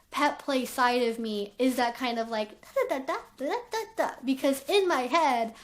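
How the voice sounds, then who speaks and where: Brief: woman channel host, high voice, candid chatty delivery. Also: fairly bright tone. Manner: chatty, frank, filler-heavy. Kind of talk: candid conversational vlog talk.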